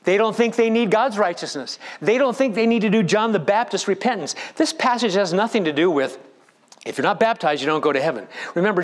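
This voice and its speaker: A man preaching a sermon as a pastor, with emphatic delivery that rises and drops in volume. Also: high-pitched.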